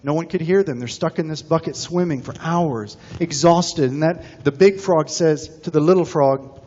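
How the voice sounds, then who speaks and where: A man preaching a sermon as senior minister in a chapel, folksy and animated as he tells stories. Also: a little high, moderate pace. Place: chapel sanctuary. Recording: dull recording, long hall reverb.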